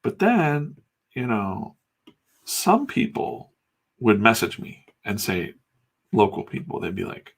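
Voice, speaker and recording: Gravelly, husky-voiced man rambling casually. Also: lowish voice, huge pitch swings, slow pace, long pauses. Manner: rambling, candid and profane. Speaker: comics artist and channel host. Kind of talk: casual talk while drawing.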